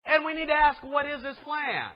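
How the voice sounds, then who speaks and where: A man's voice: very high voice, expressive, normal speed. A male pastor preaching a sermon with emphatic delivery, asking rhetorical questions of his listeners. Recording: dull lo-fi recording.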